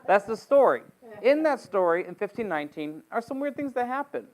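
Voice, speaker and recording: A man teaching a casual Bible study, retelling the story in an animated, slangy, joking way. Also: sits high, brisk, rough recording.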